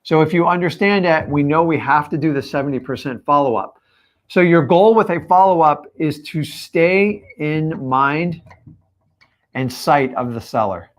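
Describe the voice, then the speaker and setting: A man coaching his audience on a live stream, with a voice pitched somewhat high for a man. He talks straight at the viewers, pressing each point with blunt emphasis. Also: normal speed. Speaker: real estate coach.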